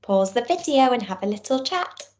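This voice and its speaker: A woman teacher, giving a recorded lesson and reading a storybook aloud to young children in a clear, encouraging way. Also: fairly high pitch, normal speed. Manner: encouraging, clear and expressive, speaking to small children. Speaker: primary school teacher.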